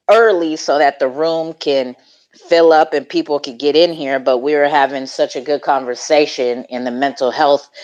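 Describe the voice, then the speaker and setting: Chill woman from california hosting a call, real low voice, slangy and easygoing. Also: a little mellow, lo-fi sound. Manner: laid-back, slangy, laughs often. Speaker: host. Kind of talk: casual chat on a live audio call.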